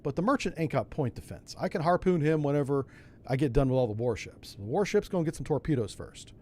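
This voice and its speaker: A man's voice: fairly high pitch, expressive, fast, dark tone, slight background noise. A man giving casual commentary as he plays a submarine game, talking himself through each step in a folksy way with asides. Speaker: streamer playing a submarine game.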